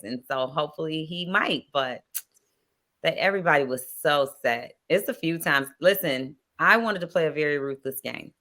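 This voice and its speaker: A woman's voice: deep voice, normal speed. A woman guest on a casual podcast, telling stories and acting out past conversations. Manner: lively storytelling that acts out past conversations. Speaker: podcast guest, reality show contestant. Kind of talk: casual chat.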